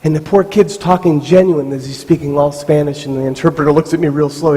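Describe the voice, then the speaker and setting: A man giving a live motivational talk to a youth camp, telling stories with animated voiced asides. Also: a little high, brisk, few pauses. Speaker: motivational speaker. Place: large hall with live audience. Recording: stage mic in a reverberant hall.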